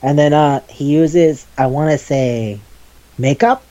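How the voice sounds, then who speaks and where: A man chats casually about manga in a dark, mellow voice, acting out scenes with quoted lines and cursing freely. The recording is dull and lo-fi. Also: fairly high pitch, slow. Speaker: podcast co-host.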